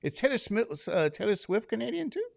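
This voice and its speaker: Lively joking male teacher. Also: sits high, a little fast, vocal fry. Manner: joking, asks the class many questions. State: drowsy from medication. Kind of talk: classroom lecture. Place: classroom.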